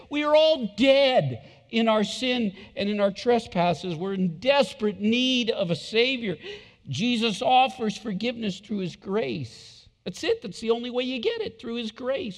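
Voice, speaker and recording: A man's voice: very high voice, lively intonation, measured pace. A man preaching a sermon as pastor, emphatic and repeating his points, acting out quotes from scripture. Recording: long hall reverb.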